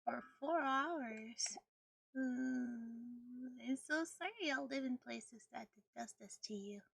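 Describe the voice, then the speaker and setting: A chatty woman game streamer with a high, bright voice that frays into vocal fry and a husky edge. She rambles casually over her gameplay and laughs often, recorded close and dry. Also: slow, no room sound.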